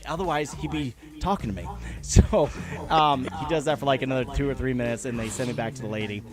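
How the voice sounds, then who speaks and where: A man hosting a casual live chat, telling stories in an animated way and swearing freely. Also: medium pitch, fast talker, music in the background. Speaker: show host.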